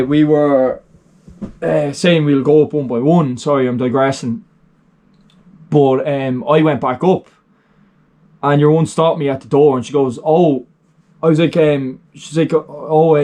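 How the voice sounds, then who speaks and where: A man's voice: fairly high pitch, darkish tone. Irish young man, rambling sweary vlog storyteller, unscripted. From Ireland. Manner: rambling, sweary, lots of fillers. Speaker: vlogger.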